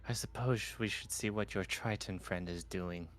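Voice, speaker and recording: A man's voice: low voice, normal speed. A man playing in a tabletop game, making dry, wry remarks. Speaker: player.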